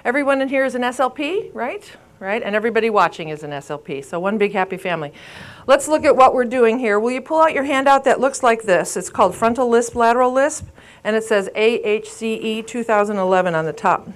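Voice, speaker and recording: A woman's voice: fairly high pitch, lively intonation, brisk. A woman in her fifties, a speech therapist giving a live continuing-education lecture, telling stories and quizzing her audience. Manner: chatty, storytelling, quizzes the audience. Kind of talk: live lecture to a room and online viewers.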